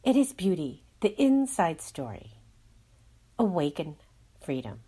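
A woman's voice: fairly low pitch, sing-song, a little slow, noisy background. A woman working as a healing guide, leading a guided meditation and an astrology talk in a soothing, instructive way.

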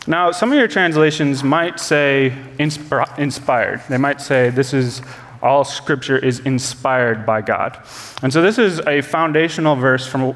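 A man's voice: mid-range voice, a bit bright. Guy preaching in a church, earnest, repeats stuff for emphasis, hall echo. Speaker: pastor. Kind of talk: sermon.

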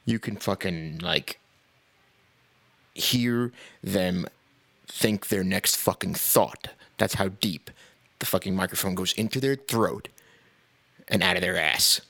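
A man with a very low voice and a gravelly, creaky edge rants on his own podcast. He talks bluntly and profanely, with a sarcastic bite and laughs between his points. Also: slow pace, pauses often, pushed and bright. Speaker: podcast host. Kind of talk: casual podcast rant.

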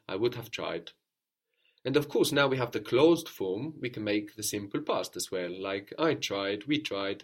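Patient male language teacher, lowish voice. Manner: patient, prompting, repeats answers and confirms. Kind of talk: guided language lesson.

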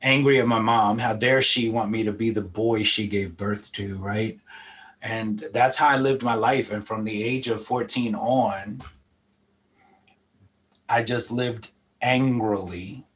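A man's voice: fairly low pitch, fairly even intonation, slow pace, fairly bright tone. A middle-aged man from Philadelphia giving an earnest personal testimony in an interview, reflective and repeating words as he gathers his thoughts. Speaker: interview guest sharing testimony.

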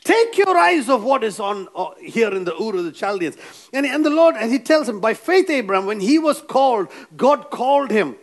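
A man's voice: very high voice, sing-song, moderate pace. A man preaching a sermon, emphatic and repetitive, who keeps prompting the congregation to answer back. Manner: emphatic, repeats phrases, prompts the congregation for amens.

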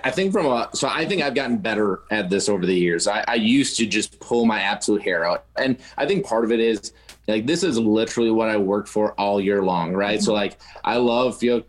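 A man talking casually as a dog-training guest on a podcast, rambling and often tagging "right?" and "you know" onto his sentences. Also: fairly low pitch.

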